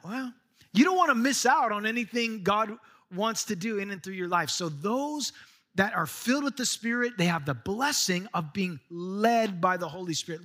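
Middle-aged pastor guy preaching, high and bright voice, earnest, slows down on the bible verses. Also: expressive. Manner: earnest preaching, slows for scripture, rises in pitch when urging. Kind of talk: sermon.

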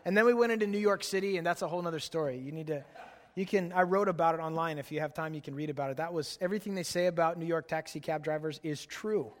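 A man in his late thirties, a pastor, preaching a sermon and telling stories in a relaxed, chatty way. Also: on the high side, quick pace. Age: late 30s. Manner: relaxed, chatty storytelling with laughs. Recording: long hall reverb.

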